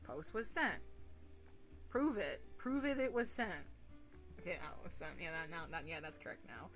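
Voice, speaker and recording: A woman's voice: fairly low pitch, big pitch swings, normal speed, a bit bright. A woman streamer chatting casually with her viewers, rambling, giggly and crude, often mocking herself. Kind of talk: casual livestream chat. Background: faint music.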